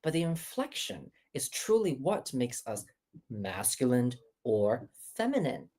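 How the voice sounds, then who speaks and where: A woman voice coach, sitting back from her mic on a remote call, so she sounds a little distant. Her voice sits low, yet her inflection moves up and down a lot as she explains. She pauses often with "uh" and "um" while working through her points. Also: sing-song, warm tone. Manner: explains with many hesitations and fillers. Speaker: voice coach, guest. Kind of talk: instructive interview answers.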